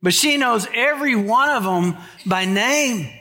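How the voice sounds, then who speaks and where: A man's voice: very high-pitched, lively intonation, unhurried, bright, forceful tone. An older man, a pastor, giving a sermon in a folksy storytelling way, mixing scripture with family anecdotes. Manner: folksy storytelling, shifts from Bible reading to humorous anecdotes.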